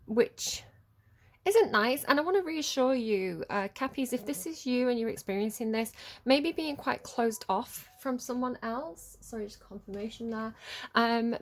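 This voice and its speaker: Lady doing a chill tarot reading, kinda high voice, lots of ums and tangents. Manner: chatty, rambling, hesitant with many fillers. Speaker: tarot reader.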